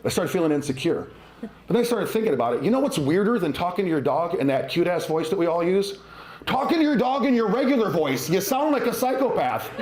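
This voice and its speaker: A middle-aged man doing a conversational, self-mocking stand-up comedy set at a live venue. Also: fairly high pitch. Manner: conversational, self-mocking, acts out silly voices. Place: winery venue with live audience. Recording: roomy live venue with audience laughter.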